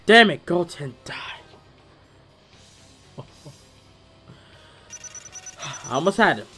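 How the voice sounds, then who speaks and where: A man commentating his own video game, hyped and loud, yelling and cursing at the characters on screen. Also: a little high, big pitch swings, extremely slow, music in the background. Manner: hyped, profane trash talk; yells at the screen. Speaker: gamer. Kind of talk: let's play commentary.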